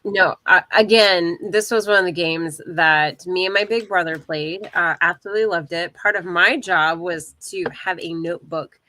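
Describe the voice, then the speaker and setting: Bright, chatty woman co-host. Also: on the low side, normal speed, few pauses. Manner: chatty and giggly. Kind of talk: casual podcast chat.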